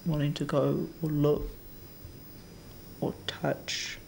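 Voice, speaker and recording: A man's voice: fairly high pitch, monotone, takes it slowly, vocal fry, a little mellow, a little hiss or hum. A man, apologising in a hesitant, stammering way. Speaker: young offender. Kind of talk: halting apology.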